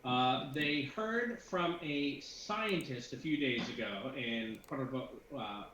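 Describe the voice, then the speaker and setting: A man acting as game master for a tabletop game narrates to his players, rambling with lots of fillers and restarts. His mid-range voice is slow and a bit bright. The recording sounds dull and lo-fi, with room echo and faint noise.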